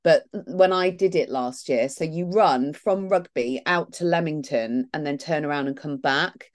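A woman co-hosting a podcast in casual chat, animated and laughing often, mimicking others. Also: sits low, a little slow. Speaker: podcast co-host.

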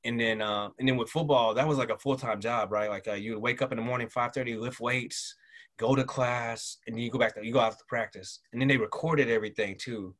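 A middle-aged man telling stories from his past in a relaxed, rambling way, full of fillers and restarts. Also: medium pitch, a little fast. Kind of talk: casual interview storytelling.

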